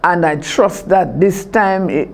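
A middle-aged woman minister from Tobago preaches. Her voice sits low and she takes her time. Her lines keep returning in a steady, declaring cadence. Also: takes it slowly. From Trinidad and Tobago. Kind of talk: televised sermon.

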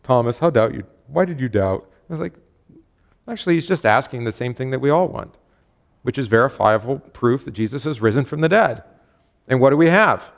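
A man's voice: medium pitch, expressive, a little fast, vocal fry. A man, a pastor, leading a casual Bible study, chatty and self-correcting, reading scripture aloud with emphasis.

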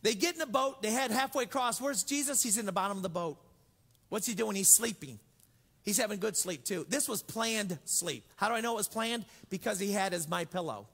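Man preaching, high voice, lively storytelling, jokes, long hall reverb. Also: fairly quick, vocal fry, slightly rough. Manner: storytelling, joking, acts out voices. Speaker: pastor. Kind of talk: sermon.

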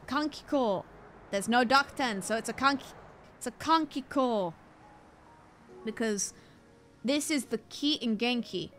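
A woman with a fairly high voice chats her way through a game stream, playful and jokey, laughing often at her own remarks. Soft game music sits faintly behind her. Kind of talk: casual game-stream commentary.

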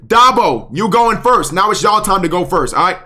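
A man's voice: sits high, animated, bright, forceful tone. A young man hosting a roast on a call, casually refereeing and repeating himself as he cuts in. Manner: quick, interjecting, repeats himself. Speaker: roast host.

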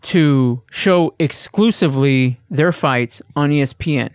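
Animated, swearing man telling a rant. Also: on the high side, measured pace, clean tone, no echo, studio quality. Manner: animated ranting storyteller, swears freely. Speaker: podcast co-host. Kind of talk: casual chat.

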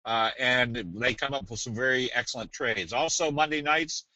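A man presenting a trading webinar in a casual, folksy, joking way with a salesy pitch. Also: normal speed, bright, forceful tone, no room sound. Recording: dull dry webinar audio.

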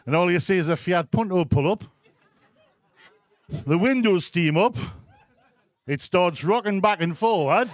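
A Geordie man performs brash, crude stand-up on a club stage, checking in with the crowd after nearly every line. His voice sits high for a man. The sound is close and dry. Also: expressive, measured pace, long pauses, dry recording. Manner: brash, crude storytelling with constant "right?" asides to the crowd. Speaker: stand-up comedian. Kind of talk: live stand-up set.

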